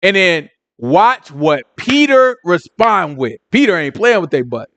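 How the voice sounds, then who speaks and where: A man's voice: high-pitched, big pitch swings, a little slow, fairly bright tone, no echo. A man teaching a casual Bible lesson, retelling scripture in street slang and acting out the voices of onlookers while checking in with his listeners.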